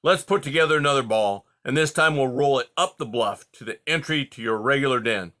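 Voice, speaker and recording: A man voicing a grumpy, sharp-tongued old male porcupine in a storybook reading, with a gruff, snappish delivery. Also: medium pitch, a little fast, natural voice. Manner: gruff, snappish, louder than the narration.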